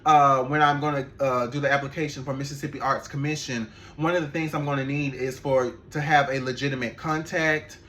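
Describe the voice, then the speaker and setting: A man, an animator, telling a story in a casual, animated vlog, laughing and swearing as he goes. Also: medium pitch, fairly quick, hardly any pauses.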